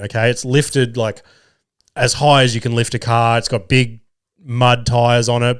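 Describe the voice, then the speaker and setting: A young Australian man spins casual stories on his podcast, swearing freely as he goes. He animates each retelling with quoted lines, in a voice of ordinary middle pitch. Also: smooth. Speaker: podcast host. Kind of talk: casual storytelling.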